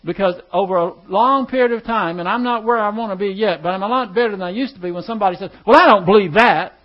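A man's voice: high voice, quick pace. A man teaching a class in a conversational way, putting questions to his listeners. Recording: dull lo-fi recording.

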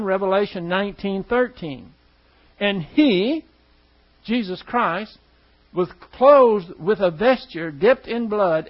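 A man preaching a sermon to his congregation, conversational and full of questions to the room. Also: high-pitched. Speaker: pastor. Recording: dull lo-fi church recording.

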